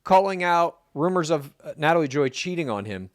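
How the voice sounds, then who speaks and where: A man's voice: on the high side, lively intonation, brisk, no room sound, studio quality. Wry man recapping gossip news. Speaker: podcast co-host. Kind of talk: casual news recap chat.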